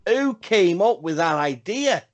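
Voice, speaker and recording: A man with a high, very animated, unhurried voice co-hosts a casual wrestling podcast. He rambles profanely, repeating himself for emphasis.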